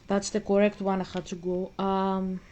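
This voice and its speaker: Woman streamer, earnest and preachy, mid-pitched, flat delivery. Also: moderate pace, dull audio. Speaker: gaming streamer. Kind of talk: casual talk while playing a video game.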